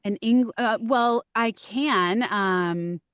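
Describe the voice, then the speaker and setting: A woman's voice: fairly high pitch, very slow, smooth, no room sound, clean studio sound. A woman with a Texan accent, a voice actor talking earnestly and hesitantly in a casual podcast interview. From Texas. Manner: earnest, lively, hesitant with frequent ums. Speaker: voice actor guest.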